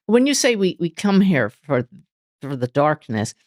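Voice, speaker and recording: A woman being interviewed as a medium, telling lively stories and acting out inner dialogue. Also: deep voice, a little slow, dry recording, clean studio sound. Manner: animated storytelling, voices inner dialogue. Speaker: guest medium. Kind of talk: interview conversation.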